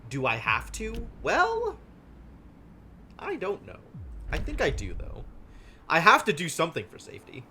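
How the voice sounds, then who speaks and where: A man streaming a strategy game live, thinking aloud with wry deadpan asides. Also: a little high, measured pace, long pauses, slight background noise. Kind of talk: live gameplay commentary.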